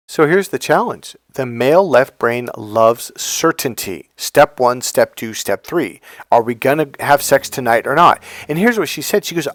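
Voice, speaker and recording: A man's voice: medium pitch, expressive, normal speed, dry recording. A man talking as a dating coach, casual and direct, acting out quoted women in a raised voice. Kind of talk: casual direct-to-camera talk.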